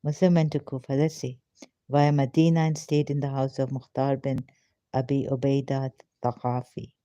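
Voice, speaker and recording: A woman's voice: very deep voice, level tone, moderate pace, dark tone, no room sound. A woman reading a religious text aloud and breaking off with emotional, pleading rhetorical questions. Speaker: ex-Muslim commentator. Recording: dull, lo-fi, dry sound.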